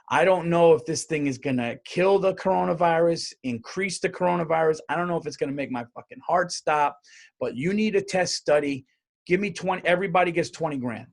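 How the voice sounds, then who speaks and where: Rambling, animated comedian riffing solo. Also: male voice, fairly high pitch. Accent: New York. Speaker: podcast host and comedian. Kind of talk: casual comedic monologue.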